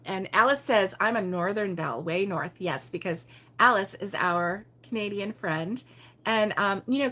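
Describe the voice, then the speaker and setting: A woman from Baltimore hosting a relaxed morning livestream, chatting and giggling as she reads viewer comments aloud. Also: mid-range voice, a little hiss or hum. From Baltimore, USA. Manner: chatty and giggly, with frequent fillers and laughs. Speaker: host of a crochet livestream. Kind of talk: casual morning chat reading viewer comments.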